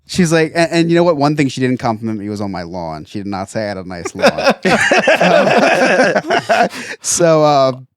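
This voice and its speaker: Lively, laughing male podcast co-host. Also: medium pitch, normal speed, no room sound, studio quality. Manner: animated storytelling, frequent laughter and restarts. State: resting an injured ankle. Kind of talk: casual chat.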